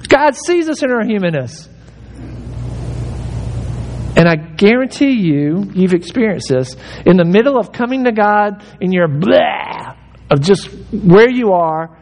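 High-voiced man preaching an urgent sermon. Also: a little mellow. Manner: emphatic, urging, acts out quoted prayers. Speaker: pastor. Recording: hall reverb with faint rumble.

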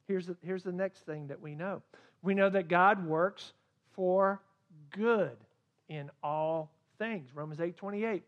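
A man preaching a sermon as a pastor, swinging between loud emphasis and quiet asides. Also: a little high, dull audio.

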